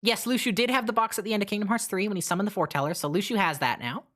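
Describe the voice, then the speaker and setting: A woman's voice: mid-range voice, very fast, a bit bright. A woman streaming live and chatting casually while reading chat, rambling and blunt. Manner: rambling, many fillers and restarts, blunt.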